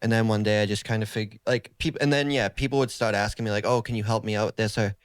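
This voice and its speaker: A young man from South Boston talks with a thick Boston accent, loose and relaxed, full of "like"s. His voice sits low and sounds smooth and clean. The recording is close and dry. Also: fast, no room sound. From South Boston, USA. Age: 20s. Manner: relaxed, filler-heavy talk with many "like"s. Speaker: podcast guest, therapist and rapper. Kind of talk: casual interview chat.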